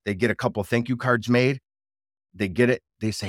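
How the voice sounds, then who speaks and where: A man guest talking casually about his business in an interview, energetic and repeating words for emphasis. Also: mid-range voice, normal speed, dry recording, studio quality. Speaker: guest, drone business owner.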